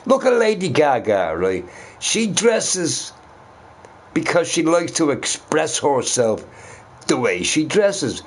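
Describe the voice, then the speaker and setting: A man's voice: fairly high pitch, very animated, slow, breathy edge. A man in a casual ranting monologue who swears a lot and keeps asking his listeners "right?". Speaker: vlogger.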